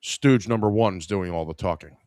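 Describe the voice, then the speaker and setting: Middle-aged male podcast host, casual and wry storyteller, lowish voice, dry recording. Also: normal speed, darkish tone, dry recording. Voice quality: irreverent, wry.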